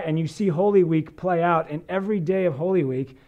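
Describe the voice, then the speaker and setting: A man's voice: fairly high pitch, brisk, highs cut off. A man preaching as a pastor, reading scripture and talking through it in an earnest conversational sermon.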